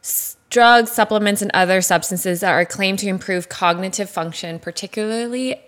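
A woman's voice: medium pitch, normal speed, fairly bright tone. Bubbly young woman guest. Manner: bubbly, self-deprecating, laughs often. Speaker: podcast guest. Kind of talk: casual podcast chat.

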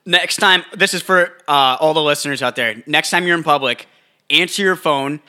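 A young man banters as a podcast co-host with a sharply bright, tense voice. He sits a little high in pitch and drops in dry, joking remarks. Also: normal speed, clear, resonant tone. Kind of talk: casual banter.

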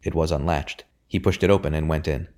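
A man narrating a novel chapter in a measured, even storytelling manner. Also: rumbling low. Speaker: audiobook narrator.

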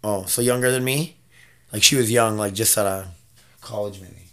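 A man's voice: fairly low pitch, moderate pace, sharp tone. A man in his thirties hosting a casual podcast from home, talking loosely and rambling, with some swearing. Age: 30s. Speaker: podcast host. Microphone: desk mic.

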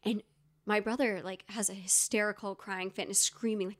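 In a casual podcast chat, this co-host from Georgia, US, tells stories with plenty of fillers and tangents. She talks fairly quickly in a mid-range, steady voice.

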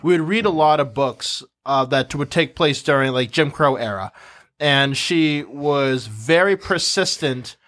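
A man's voice: mid-range voice, unhurried, a bit bright. A young man co-hosting a casual chat, laughing often and hedging with "uh" as he recalls school. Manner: laughs often, hesitant with "uh" fillers.

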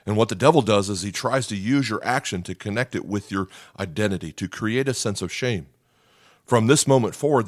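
A man preaching a sermon as pastor, in a conversational, animated way, sometimes acting out voices. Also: fairly low pitch, fairly quick, no echo, studio quality.

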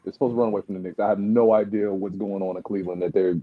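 A man's voice: lowish voice, steady tone, racing, narrow, tinny audio, crowd noise. A man giving matter-of-fact opinions in a casual chat among friends.

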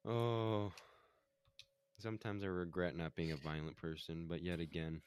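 A man's voice: low voice, level tone, normal speed, darkish tone, slight background noise. A man co-hosting a podcast, telling a heated story in casual chat, swearing constantly and acting out what others said.

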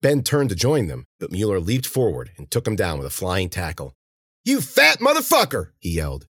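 A man voicing a brave young man yelling in danger. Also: low voice, animated, a little fast, breathy edge, no room sound, studio quality. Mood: urgent.

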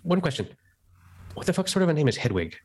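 A man's voice: on the high side, sing-song, fast talker, a little mellow, husky. A man chatting casually with a friend about a TV series, hesitant and often restarting his sentences, with a dry, sardonic edge. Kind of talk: casual chat.

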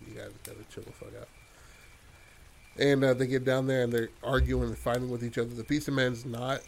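A man's voice: medium pitch, a little hiss or hum. A man casually telling a rambling horror story idea to a friend, full of fillers and swearing. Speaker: podcast co-host pitching a horror story.

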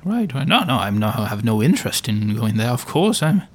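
Playing his character Shrew in a tabletop role-play, a man talks fairly quickly in a lowish voice with big pitch swings. His manner is the theatrical, pompous bluster of an adventurer.

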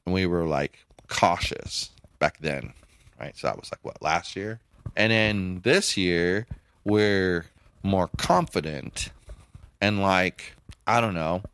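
A middle-aged man co-hosting a podcast in casual chat, blunt and emphatic, his pitch jumping when he presses a point. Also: lively intonation, takes it slowly, fairly bright tone, clear, resonant tone, dry recording. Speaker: podcast co-host.

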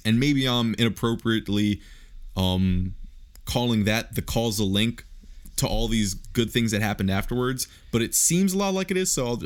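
A young man speaking as a podcast guest in casual conversation, reflective, laughing often and swearing casually. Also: fairly low pitch.

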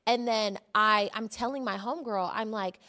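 A woman co-hosting a podcast, telling a story in animated, casual chat and swearing often. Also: medium pitch, normal speed. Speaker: podcast co-host.

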